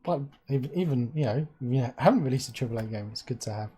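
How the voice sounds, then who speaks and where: A woman hosting a casual live stream, chatty and quick to react with wows. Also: very deep voice, lively intonation, warm tone, slightly rough. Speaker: host.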